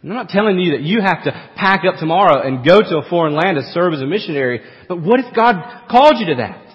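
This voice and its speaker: A man preaching a sermon as pastor, swinging from emphatic, forceful peaks to quiet, low asides. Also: lively intonation, fast talker, long reverb tail, dull audio.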